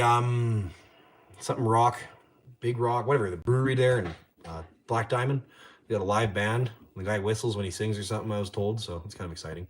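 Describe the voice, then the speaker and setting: A young Canadian man hosting a casual livestream from his garage, rambling and swearing as he reads chat. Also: mid-range voice. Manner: rambling, profane, trash-talking. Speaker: livestream host. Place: home garage.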